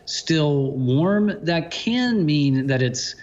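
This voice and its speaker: A man co-hosting a casual chat, joking and upbeat, with quick asides. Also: on the high side, animated, a little mellow, muffled recording. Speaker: podcast co-host.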